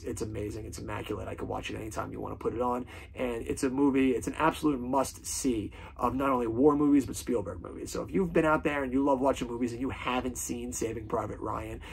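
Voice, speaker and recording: A man's voice: medium pitch, vocal fry, breathy edge. A man casually ranking films on his vlog, gushing with fan enthusiasm and swearing freely. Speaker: film reviewer.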